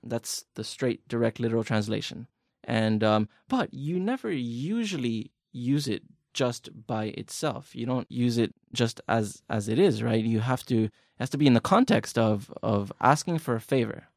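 An easygoing man hosts a language lesson with a chatty, encouraging manner, acting out small everyday scenes as he explains. His voice sits in a middling pitch, recorded close and dry. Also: expressive, normal speed, creaky, darkish tone, dry recording. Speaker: language teacher host.

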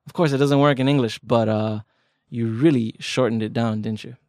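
A man's voice: mid-range voice, fairly even intonation, normal speed, a little mellow, no room sound, clean studio sound. Chatty man co-hosting a language lesson. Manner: chatty, joking, explains with examples. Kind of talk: casual podcast lesson.

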